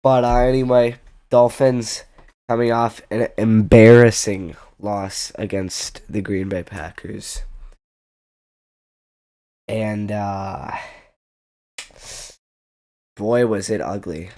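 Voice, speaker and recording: A young man with a lowish voice rambles through his football picks at an unhurried, drawn-out pace. He trails off, corrects himself and tosses in wry asides. The sound is dry and close, with no room around it. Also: steady tone, mellow, dry recording. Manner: rambling, self-interrupting, jokey asides. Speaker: sports predictions vlogger. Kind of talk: casual football picks commentary.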